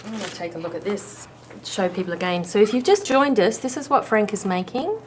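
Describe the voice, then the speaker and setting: A woman's voice: medium pitch, lively intonation, fairly quick, slight background noise. A woman co-hosting a live craft stream, chatty and teasing, asking the guest questions. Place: studio.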